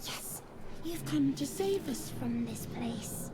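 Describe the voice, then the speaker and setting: An eerie pleading brain. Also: female voice, high-pitched, lively intonation, takes it slowly, background noise. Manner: eerie, pleading, repeating itself. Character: eerie pleading brain creature, sexless, small. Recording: loud game ambience behind.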